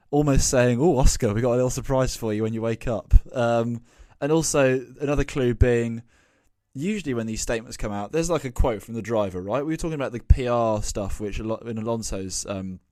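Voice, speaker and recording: A man's voice: mid-range voice, darkish tone, dry recording, clean studio sound. A man co-hosting a sports podcast, talking casually with many fillers. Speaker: podcast co-host. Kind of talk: casual chat.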